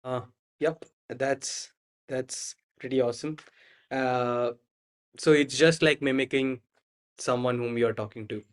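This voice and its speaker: A man hosting a podcast, asking the guest questions in a halting, searching way. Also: mid-range voice, steady tone. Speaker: podcast host. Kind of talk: interview questions.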